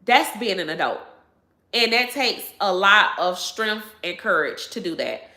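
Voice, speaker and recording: A woman in her thirties hosts a YouTube channel, speaking in a mid-range, gravelly voice with a sharp tone. She chats casually to her viewers, blunt and preachy, swearing freely and repeating her points, in an echoey room.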